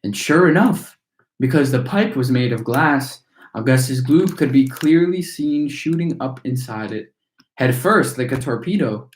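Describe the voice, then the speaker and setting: A man reading a children's chapter book aloud for storytime, steady and lively. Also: medium pitch, unhurried. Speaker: storytime reader. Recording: echoey room.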